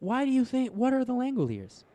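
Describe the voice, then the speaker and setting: A young man co-hosting a casual movie review podcast, animated and swearing freely as he mocks scenes. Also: extremely high pitch, fairly quick, no room sound. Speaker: podcast co-host.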